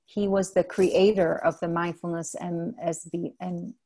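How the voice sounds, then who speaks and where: A woman whose first language is Spanish, chatting gently in an interview about mindfulness, pausing often to correct herself. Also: lowish voice, little pitch movement. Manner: thoughtful, self-correcting, gentle. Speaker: guest, mindfulness mentor. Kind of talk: casual interview chat.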